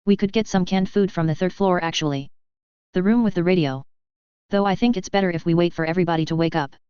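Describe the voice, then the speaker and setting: A woman voicing a dry-humored young male survivor in a story reading, low and smooth, on dull lo-fi audio. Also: fast talker, dry recording, close to an everyday voice. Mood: wry. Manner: flat, wry, joking.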